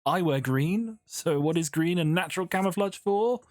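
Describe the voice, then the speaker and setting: Building in a sandbox game, a gaming YouTuber chats casually, rambling and often breaking off mid-thought. The mid-range voice is animated and darkish in tone at a moderate pace, with studio quality and no room sound.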